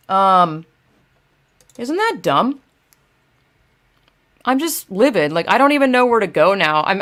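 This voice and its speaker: A woman's voice: medium pitch, fairly bright tone. A young woman ranting casually and profanely on a livestream, talking to her chat while fumbling through her phone. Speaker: video creator ranting to live chat.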